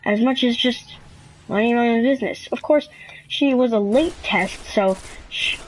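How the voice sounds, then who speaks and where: Brief: teen girl vlogger, slightly high voice, rambling casual storytelling with lots of fillers and asides. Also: moderate pace, slight background noise, rough recording. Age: teens. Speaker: student vlogger.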